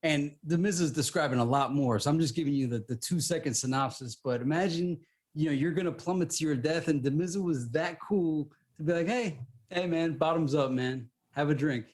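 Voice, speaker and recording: Podcast co-host, male, slightly high pitch, lively casual storyteller. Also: fairly quick. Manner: animated storytelling, restarts often. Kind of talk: casual chat.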